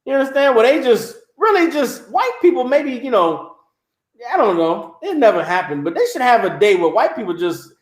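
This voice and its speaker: High-voiced man preaching. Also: normal speed, roomy sound. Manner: animated, mocking, repeats "You understand?". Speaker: religious teacher. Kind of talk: livestreamed preaching.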